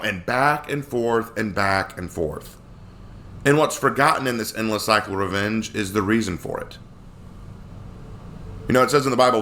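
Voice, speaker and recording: Lively-voiced man teaching a Bible study. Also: lowish voice, a little fast, slight background noise. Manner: expressive, acts out quotes in funny voices. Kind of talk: casual Bible study talk.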